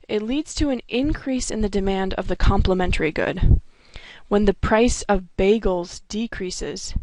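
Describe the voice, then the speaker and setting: Woman lecturing with a gravelly edge. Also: mid-range voice, darkish tone, no room sound. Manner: clear explanatory delivery with occasional restarts. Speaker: economics instructor. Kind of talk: recorded lecture narration.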